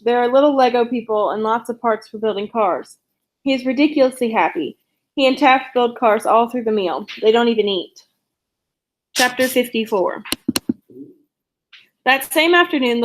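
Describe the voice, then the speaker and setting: A woman reading a young adult novel aloud in steady, unhurried narration. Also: on the high side, a little hiss or hum. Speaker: reader of a novel.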